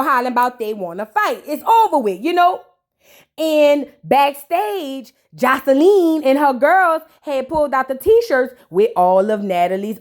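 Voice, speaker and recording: A high-voiced woman hosts a reaction show, recapping casually with plenty of animation and profanity. She speaks directly to her viewers.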